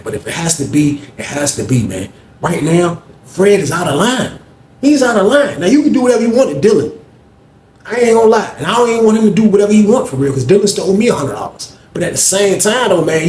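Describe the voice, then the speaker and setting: A man from Norfolk, Virginia telling a story in casual slang, animated and constantly saying "man". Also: on the high side. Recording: echoey room, faint noise.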